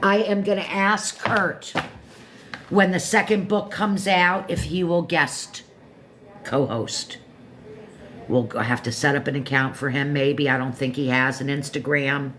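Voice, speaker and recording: Low, slow-talking woman in her fifties. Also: fairly even intonation, a bit bright, a little hiss or hum. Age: 50s. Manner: meandering, self-interrupting, chatty asides. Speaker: livestream host reviewing a book. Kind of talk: casual rambling chat.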